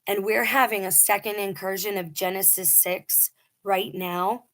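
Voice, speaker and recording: A woman's voice: medium pitch, steady tone, unhurried, fairly bright tone. A middle-aged woman telling a personal story in a casual, earnest and emphatic way, acting out quoted dialogue. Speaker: vlogger telling a personal testimony.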